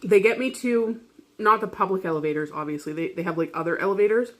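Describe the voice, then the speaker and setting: A woman's voice: mid-range voice, quick pace, a bit bright. A woman vlogger telling a personal story in casual chat, rambling, swearing freely and laughing often.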